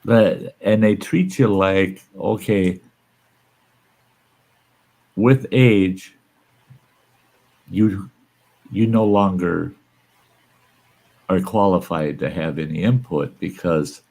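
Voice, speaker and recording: A man's voice: low voice, very slow, creaky, pauses often, a little mellow. A man in his sixties hosting a casual live-stream chat, emphatic and rising into exclamations when worked up. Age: 60s. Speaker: host.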